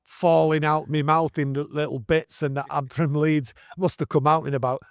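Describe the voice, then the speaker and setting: A man in his sixties with a Manchester accent, telling his story in an earnest, animated way with broad northern dialect. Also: on the high side, normal speed, vocal fry, smooth, no echo, clean studio sound. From England. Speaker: guest storyteller. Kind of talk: casual storytelling interview.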